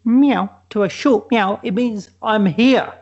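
A man's voice: high-pitched, slow pace, darkish tone, lo-fi sound. A man co-hosting a podcast, telling a comic story in a rambling way with many restarts. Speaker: podcast co-host. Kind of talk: comedic casual chat.

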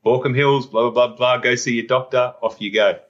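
Animated Australian man, lo-fi sound. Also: mid-range voice, fairly quick. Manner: animated storyteller, laughs often. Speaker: podcast host. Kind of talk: casual chat. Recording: dull lo-fi sound.

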